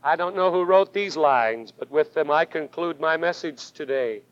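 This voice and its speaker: A man preaching a sermon with fervent emphasis, his voice swelling on key words and dropping to a hush. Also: a little high, normal speed, no room sound. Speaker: pastor. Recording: dull lo-fi sermon recording.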